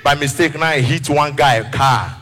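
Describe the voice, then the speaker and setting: Bright high-voiced Nigerian comedian man. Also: normal speed, long reverb tail, soft background music. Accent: Nigerian Pidgin English. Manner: storytelling, switching into acted characters. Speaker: stand-up comedian. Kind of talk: stand-up comedy routine.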